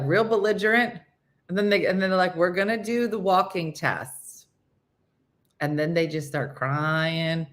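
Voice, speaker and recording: A woman's voice: mid-range voice, fairly bright tone. A woman hosting a casual morning chat show, rambling through stories, laughing at them and losing her train of thought.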